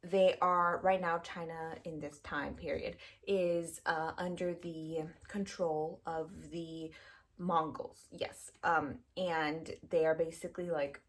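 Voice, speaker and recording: Young woman, book vlogger, casual chat to camera, gushing, filler-heavy, lowish pitch. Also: level tone, slow pace. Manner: chatty, gushing, lots of "like" and quoted reactions.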